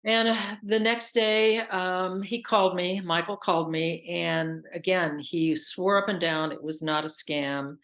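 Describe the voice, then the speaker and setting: A woman's voice: on the low side, fairly even intonation, a little slow, few pauses, a bit bright. A woman telling her own story as an interview guest, earnest and intense, repeating herself for emphasis. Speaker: interview guest, scam victim. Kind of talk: emotional personal account.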